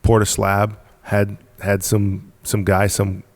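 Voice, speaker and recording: Podcast guest, male, gravelly low register, punchy repetitive storyteller, dry close sound. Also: completely flat delivery, slow, dry recording. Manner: emphatic, repetitive, punchy storytelling with frequent laughs. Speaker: podcast guest, business founder. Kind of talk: casual storytelling in conversation.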